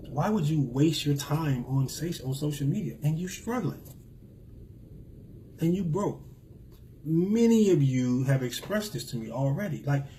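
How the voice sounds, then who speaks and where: A man's voice: mid-range voice, a little mellow, poor audio. A middle-aged man, hosting a motivational live stream in an emphatic, preachy way and repeating lines for effect.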